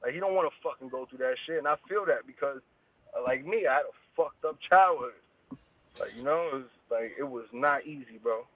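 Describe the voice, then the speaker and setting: A man's voice: mid-range voice, fairly quick, slightly rough, no echo. Fields: man, tinny line, slangy guest. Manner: loose street slang, heavy swearing. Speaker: interview guest. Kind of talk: casual interview chat. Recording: tinny phone-like line, dry.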